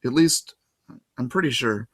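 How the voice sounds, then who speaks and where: A man's voice: medium pitch, unhurried, close to an everyday voice. A man voicing a brave, bossy twelve-year-old girl in a storybook reading, giving firm orders. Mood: wistful. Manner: firm, commanding.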